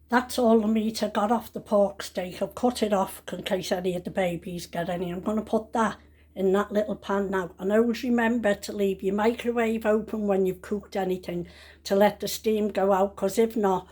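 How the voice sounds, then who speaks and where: A woman's voice: mid-range voice, a little mellow. An older woman, a grandmother cooking at home, who talks in a chatty, rambling way and often corrects herself mid-sentence. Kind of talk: casual cooking vlog. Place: home kitchen.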